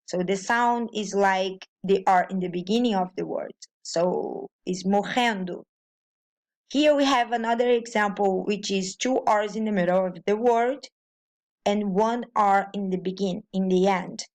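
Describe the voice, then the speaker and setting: A woman's voice: medium pitch, measured pace, darkish tone. A woman from Brazil with a Brazilian Portuguese accent, explaining pronunciation and grammar as a language teacher, with frequent restarts and fillers.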